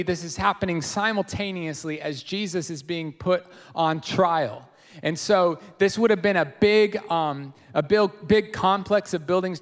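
A high-voiced man preaches an expository sermon in a casual, animated way, stumbling into restarts and fillers. His voice rings out in a church hall with a long reverb tail. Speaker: pastor.

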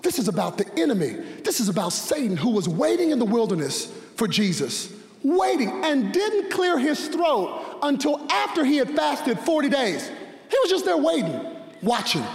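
A young man preaching a sermon, animated, asking rhetorical questions, shouting at the peaks and dropping quiet in between. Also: extremely high pitch, normal speed. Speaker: pastor. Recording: long reverb of a large hall.

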